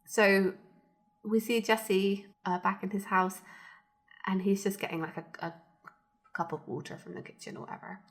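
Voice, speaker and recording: A woman's voice: mid-range voice, fairly even intonation, normal speed, long pauses. A woman co-hosting a podcast, casually recapping a TV episode and acting out lines from it. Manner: chatty, lots of fillers, acts out lines from the show. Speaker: podcast co-host.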